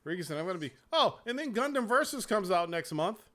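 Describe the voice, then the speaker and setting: A man hosting a casual gaming chat show, talking in a profane, animated way and laughing often. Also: high-pitched, fast talker. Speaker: show host.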